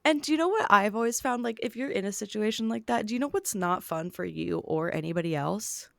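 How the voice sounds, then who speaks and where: Young woman podcast host, chatty and upbeat, gravelly fry, dry mic. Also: medium pitch, a little fast, a bit bright, dry recording. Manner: chatty, upbeat, fillers and asides. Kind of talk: casual podcast chat.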